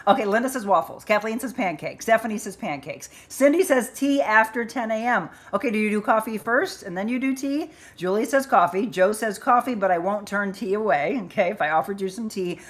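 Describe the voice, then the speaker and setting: Reading viewers' names and comments aloud, this livestream host keeps an upbeat, chatty tone. Her voice sits in the mid range, and she talks briskly with few pauses.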